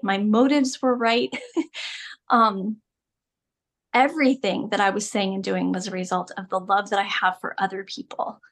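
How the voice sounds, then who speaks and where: A middle-aged woman speaks as a podcast guest, telling her own story in candid, emphatic terms. Her voice sits in a middle pitch range, and she laughs often as she talks. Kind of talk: personal storytelling interview.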